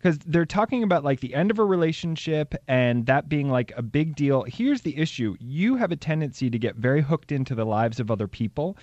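A man's voice: fairly high pitch, lively intonation, fairly quick, few pauses, a little mellow, no room sound, highs cut off. Upbeat chatty male radio host. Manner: chatty, upbeat, laughs easily. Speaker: radio show host and psychic reader. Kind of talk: casual call-in radio talk.

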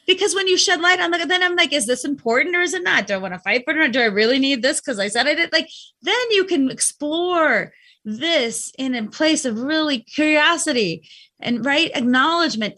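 Woman, high pitch, reflective casual talk, acts out inner thoughts. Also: pushed and bright. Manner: reflective, uses acted inner voices. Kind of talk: casual conversation on mindset.

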